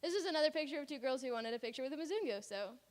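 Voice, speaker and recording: Brief: chatty woman with a higher voice, casual photo-by-photo report, long church-hall reverb. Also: expressive, racing. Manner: chatty, laughing often. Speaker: mission trip presenter. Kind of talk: casual slideshow presentation. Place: church sanctuary.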